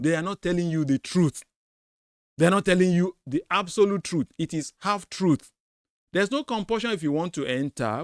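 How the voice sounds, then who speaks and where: Emphatic man with a higher voice. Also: animated, normal speed, no echo, clean studio sound. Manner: emphatic, repeats his points. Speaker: host of a commentary video. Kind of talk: commentary on a debate clip.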